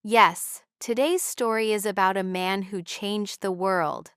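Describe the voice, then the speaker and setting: A woman co-hosting an English-learning podcast, speaking slowly and carefully in a scripted dialogue. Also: mid-range voice, steady tone, a bit bright, no room sound, clean studio sound. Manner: slow, clear, carefully enunciated. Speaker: podcast co-host.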